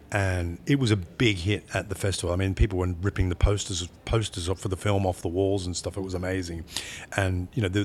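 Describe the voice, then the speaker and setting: A man, a film director, talking in an interview in a rambling, halting way, often repeating words as he searches for them. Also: low voice, slight background noise. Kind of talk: interview conversation.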